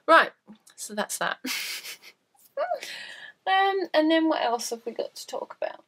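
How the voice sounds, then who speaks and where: A woman's voice: high-pitched, expressive, a little slow, pauses often, a bit bright. A woman hosting a crafting podcast, chatting in a rambling, self-deprecating way, with a lingering cough from a cold. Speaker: podcast host. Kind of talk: casual chat.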